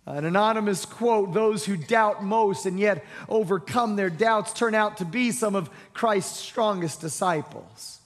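Male lead pastor, high-pitched, storytelling sermon, long hall reverb. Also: a bit bright. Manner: storytelling, reads scripture slowly.

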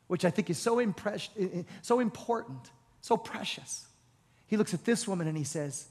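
A male pastor preaching a sermon, retelling a story in a conversational, animated way. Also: a little high, in a large hall.

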